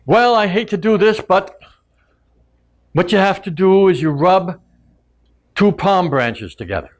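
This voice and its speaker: A man's voice: high-pitched, animated, unhurried, pitched above the performer's own voice. A man voicing a small, frightened, cornered bird that pleads nervously in a storytelling performance. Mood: pleading.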